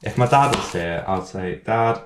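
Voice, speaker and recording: A man's voice: fairly low pitch, a little slow, background noise. A man hosting a casual home cooking vlog in his kitchen. He rambles, mocks himself and swears a lot while he chops. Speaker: cooking channel host. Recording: echoey kitchen with clattering pans.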